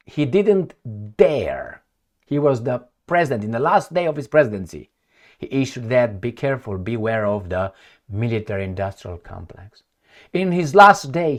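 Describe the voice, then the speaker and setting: A man giving casual commentary on the news, blunt, rambling and sarcastic, with some swearing. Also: medium pitch.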